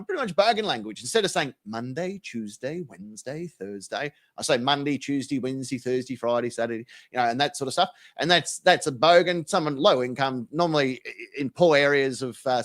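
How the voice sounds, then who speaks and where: A man's voice: on the high side, fairly bright tone. An Australian man, the host, giving casual, sweary, slang-filled reaction commentary and explaining local words.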